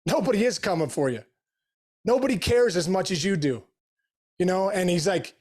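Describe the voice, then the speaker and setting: A middle-aged man, a guest on an interview show, telling stories in an energetic, animated way with slangy asides. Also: high voice, moderate pace, long pauses. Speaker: podcast guest, former pro baseball player. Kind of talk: casual storytelling interview.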